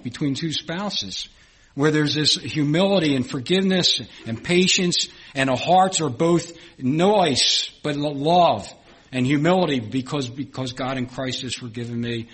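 A middle-aged man preaching a sermon as a pastor, earnest and repetitive, often swelling louder on key phrases and restarting his words. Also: on the high side, slightly rough.

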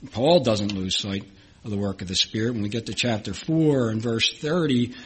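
A man's voice: medium pitch, a bit bright, breathy edge. A middle-aged man preaching an earnest sermon, reading scripture aloud. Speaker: pastor.

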